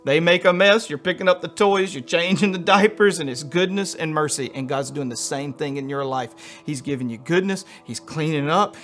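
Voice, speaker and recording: A man preaching a sermon as pastor, in a folksy, animated style with homespun humor, swinging between loud emphasis and hushed, soft passages. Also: on the high side, normal speed, few pauses, soft background music.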